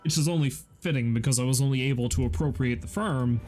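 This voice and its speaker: A young man from Canada chats casually on a game stream, sounding tired. His talk rambles, dry and self-mocking, at a middling pitch. Soft game music plays under his voice. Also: fast. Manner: rambling, wry and self-deprecating. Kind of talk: casual gaming stream chat.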